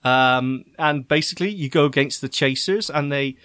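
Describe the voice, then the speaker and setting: A man's voice: medium pitch, fairly bright tone, dry recording, clean studio sound. A British man co-hosting a podcast in a chatty, joking way. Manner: chatty, jokey, quick to laugh. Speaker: podcast co-host. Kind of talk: casual chat.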